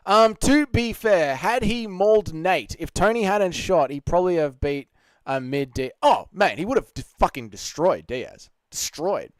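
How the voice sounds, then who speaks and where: A man's voice: on the high side, very animated, normal speed, clear, resonant tone, no echo, studio quality. An Australian man hosting a live stream, answering chat in a blunt, sarcastic, swearing way.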